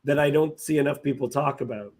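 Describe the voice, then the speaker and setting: A man's voice: mid-range voice, fast talker, darkish tone, slight background noise. A man in a casual discussion, reflective and posing questions. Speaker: discussion participant.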